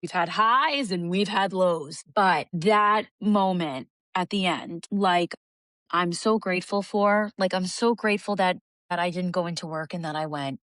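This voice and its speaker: A woman's voice: fairly low pitch, a little slow, fairly bright tone, dry recording. A young adult woman co-hosting a podcast, talking in an earnest, reflective way in casual chat. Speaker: podcast co-host.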